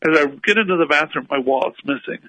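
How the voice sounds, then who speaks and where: A man's voice: a little high, fast talker, dry recording, poor audio. A man guest on a radio interview, telling a long story with energy and acting out the people he quotes. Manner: animated, acts out the people he quotes.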